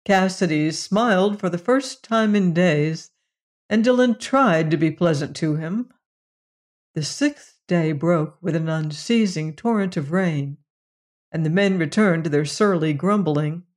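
An audiobook narrator reading a science fiction story in a measured, even way. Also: medium pitch.

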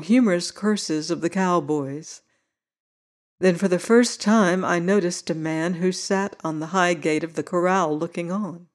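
Measured audiobook narrator. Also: mid-range voice. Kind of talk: scripted narration of a classic novel.

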